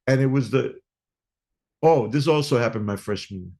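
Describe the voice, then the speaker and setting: Animated middle-aged New guest, talks in stories, voices the other people in them. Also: male voice, mid-range voice, moderate pace. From New York. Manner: animated storyteller who acts out dialogue. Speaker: guest musician. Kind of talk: storytelling interview.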